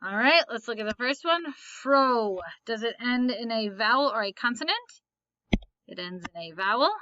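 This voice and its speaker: A woman's voice: a little high, lively intonation, fairly quick, sharp tone, dry recording, highs cut off. A woman teaching a phonics lesson, patiently asking questions and then answering them herself. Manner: patient, asks and answers her own questions.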